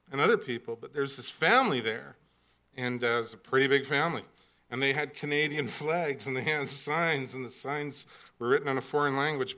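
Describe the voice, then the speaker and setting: A man's voice: mid-range voice, sharp tone. A middle-aged man telling a humorous family story, rambling with many fillers and restarts and poking fun at himself. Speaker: speaker.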